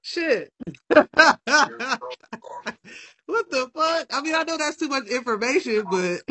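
A woman's voice: sits high, lively intonation, bright, forceful tone. A woman in a casual livestream chat who laughs a lot and defends herself against her partner's claims. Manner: defensive, laughing, fast protesting.

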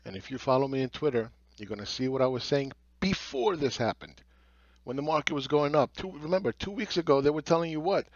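A man's voice: medium pitch, animated, fairly quick, no room sound, lo-fi sound. A man giving a blunt market commentary monologue, sarcastic and swearing, who mocks other people's views. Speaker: market analyst.

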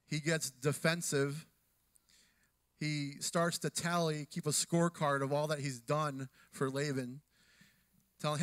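A man teaching in a sermon, steady and measured as he reads and explains scripture. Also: on the high side, no echo. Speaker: co-pastor.

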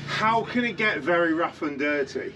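A man's voice: a little high, lively intonation, normal speed, noisy background. A man working as a repo agent outdoors, mocking and sarcastic toward the person he is dealing with. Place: outdoor driveway.

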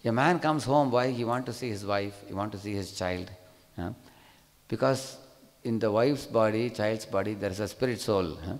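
A man's voice: lowish voice, moderate pace. Indian man lecturing in a hall. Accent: Indian English. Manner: conversational, frequent tag questions. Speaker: teacher of scripture class. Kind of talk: scripture class lecture. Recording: hall reverb.

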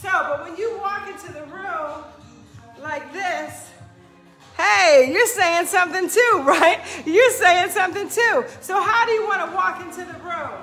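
A woman fitness coach giving an energetic, emphatic motivational pep talk, laughing often and whooping. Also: extremely high pitch, moderate pace, faint music behind. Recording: roomy echo.

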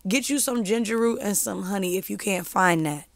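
Woman, hoarse from a cold, gravelly, dry close sound, chatty live streamer. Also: mid-range voice, moderate pace, dry recording. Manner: chatty, giving homespun advice. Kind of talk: casual live-stream chat.

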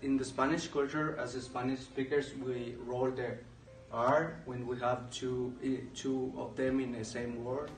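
Man, careful, flat, roomy, distant mic. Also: mid-range voice, unhurried, a little hiss or hum. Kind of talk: explaining pronunciation.

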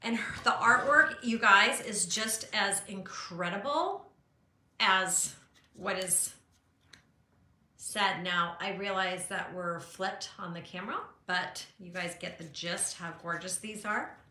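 A woman's voice: mid-range voice, slow pace, pushed and bright, echoey room. A middle-aged woman hosting a casual live chat from her art studio, gushing and encouraging her viewers, with plenty of fillers along the way. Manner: chatty with frequent fillers.

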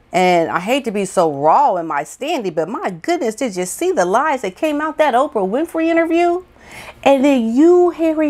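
A woman giving an indignant, incredulous opinion commentary monologue full of rhetorical questions. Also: mid-range voice. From United States. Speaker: vlogger, commentator.

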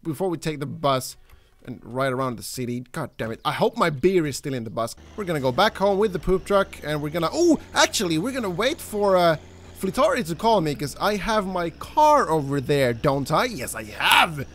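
An excitable young man narrates his own gameplay as a channel host, swearing freely and yelling at characters on screen. His voice sits high and swings widely in pitch, leaping up when he gets worked up. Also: normal speed. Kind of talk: let's play commentary.

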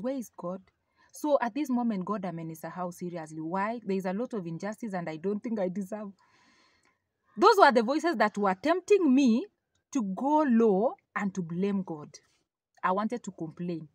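Woman, Kenyan accent, animated storytelling testimony, mixes in Swahili, medium pitch, dry recording. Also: no echo. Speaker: speaker giving a testimony. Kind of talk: personal faith testimony storytelling.

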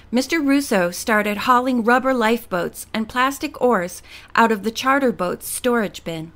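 A woman reading a teen novel aloud as an audiobook narrator, steady and expressive. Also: fairly high pitch.

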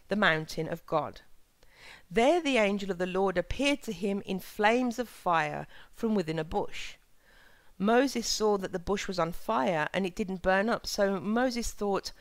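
A woman of middle pitch hosts her own spiritual channel, speaking sincerely and with soft, measured emphasis. She moves between her own reflections and scripture passages. The sound is dry and close, with no room echo. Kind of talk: earnest spiritual talk and scripture reading.

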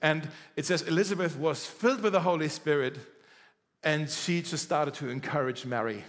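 A male pastor preaching a sermon in a conversational, animated way, acting out quoted dialogue. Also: fairly high pitch, moderate pace, big-room sound. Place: church.

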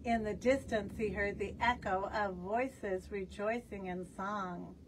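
A woman reading a picture book aloud for young children, expressive and asking them questions. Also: mid-range voice, takes it slowly, far from the mic, a little hiss or hum. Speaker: children's storyteller. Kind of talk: storytime read-aloud.

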